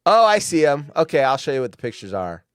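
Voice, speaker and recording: A man's voice: on the high side, sing-song, quick pace, fairly bright tone, clean tone, no room sound, clean studio sound. Sarcastic man hosting a rambling stream. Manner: sarcastic, rambling, muttering asides. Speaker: show host. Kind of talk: solo live-stream commentary.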